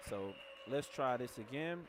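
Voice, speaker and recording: A man's voice: medium pitch, animated, measured pace, noisy background. A man leading a motivational team training talk, blunt and direct, telling his team how to handle calls. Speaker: team leader.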